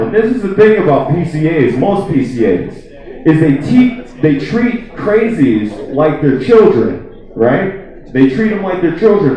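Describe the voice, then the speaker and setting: High-voiced man rambling a stand-up story. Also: warm tone. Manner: rambling, profane storytelling full of "like". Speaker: stand-up comedian. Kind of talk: stand-up comedy set. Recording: echoey, distant, dull lo-fi room recording.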